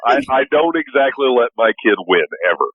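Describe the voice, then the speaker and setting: A man's voice: medium pitch, big pitch swings, a little fast, no room sound, narrow, tinny audio. A man who is a parent, playing a tabletop game over a video call, joking crudely and swearing a lot. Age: adult parent. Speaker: player.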